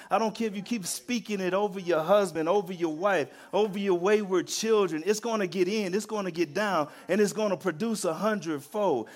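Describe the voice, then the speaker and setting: Guy preaching a sermon, kinda high voice, repeats lines and gets loud and worked up. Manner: emphatic, repetitive storytelling; builds to loud, excited peaks.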